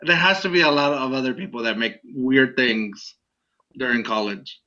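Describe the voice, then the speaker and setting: A man's voice: medium pitch, moderate pace, sharp tone, dull audio. A man co-hosting a podcast, rambling through a story in casual chat and laughing along. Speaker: podcast co-host.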